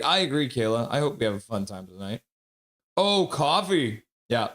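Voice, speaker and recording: A man's voice: mid-range voice, sing-song, moderate pace, fairly bright tone. A middle-aged man hosting a hockey livestream, chatting casually and greeting viewers by name. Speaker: livestream host reading chat. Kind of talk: casual hockey pregame stream chat.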